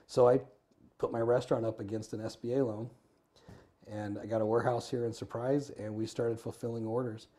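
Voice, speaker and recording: A middle-aged man, a guest in an interview, telling stories in a lively, animated way and acting out dialogue. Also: medium pitch, a little fast. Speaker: guest, former firefighter and business owner. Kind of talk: casual interview storytelling. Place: Arizona.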